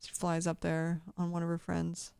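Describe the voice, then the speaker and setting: A woman rambles through casual video commentary, cursing freely and laughing often. Her voice is low-set, mellow and smooth, recorded close and dry. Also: monotone, moderate pace, no room sound.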